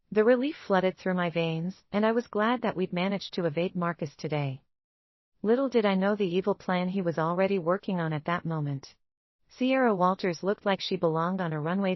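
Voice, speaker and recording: A woman's voice: lowish voice, no echo, dull audio. Woman narrating a story in first person.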